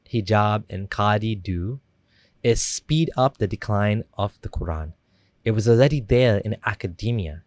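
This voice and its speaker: A man's voice: on the low side, no room sound, studio quality. Man narrating a critical commentary. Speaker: YouTube commentator.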